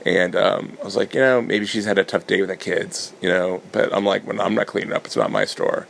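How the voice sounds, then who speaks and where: A man hosting a podcast, telling his dreams in a meandering casual monologue, getting animated when he quotes himself. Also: deep voice, brisk, gravelly, slight background noise. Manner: meandering, full of restarts and fillers, animated when quoting himself. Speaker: podcast host recounting dreams.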